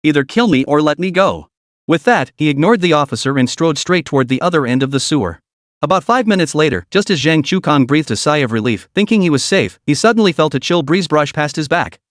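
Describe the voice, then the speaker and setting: A man reading a story aloud as narrator in an even, steady storytelling manner. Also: fairly high pitch, fairly quick, dry recording, clean studio sound. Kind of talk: scripted audiobook narration.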